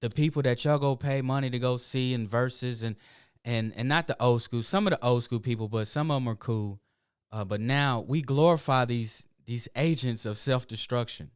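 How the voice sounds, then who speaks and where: A middle-aged man talks through a loose, storytelling monologue as host of his own show. His voice is smooth and clear, recorded close and dry with no room sound. He wanders through emphatic asides and restarts. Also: medium pitch, normal speed, no echo. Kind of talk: casual livestream monologue.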